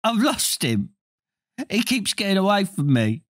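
Storybook figure: miserable, wailing little schoolboy, pitched high, as a male reader puts him on. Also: lively intonation, normal speed, fairly bright tone, dry recording, studio quality. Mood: tearful. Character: tearful timid schoolboy who lost his toad.

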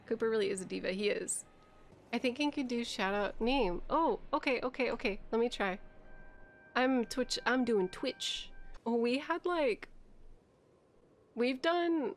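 A woman's voice: on the high side, measured pace, vocal fry, pauses often, slight background noise. A woman chatting casually on a game live stream, giggly and often laughing.

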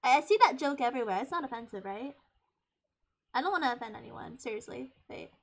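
A young woman in her twenties chatting casually on a live stream, giggly and hyper, getting loud when excited. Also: fairly high pitch, quick pace, a little hiss or hum. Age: 20s.

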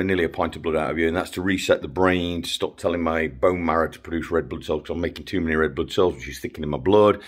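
Middle-aged guy rambling into his phone at home, lowish voice, lots of ums. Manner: rambling, chatty, many ums and restarts. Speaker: vlogger. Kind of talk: casual home video update. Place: at home, lounging indoors.

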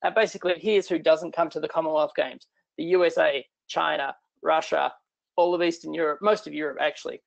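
Gravelly Australian man, chatty talk. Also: on the high side, fairly even intonation, brisk, dull audio. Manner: chatty, irreverent, self-deprecating. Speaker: guest speaker. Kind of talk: casual online talk.

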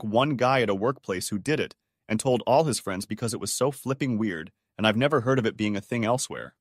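Man reading stories with a lively voice. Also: mid-range voice, dry recording, studio quality. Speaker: story narrator. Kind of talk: scripted narration of online stories.

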